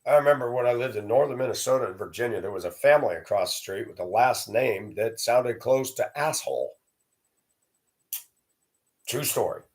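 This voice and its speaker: A man's voice: mid-range voice, moderate pace, darkish tone. A man telling a sarcastic, profane story as a ranting monologue to camera. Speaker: vlogger.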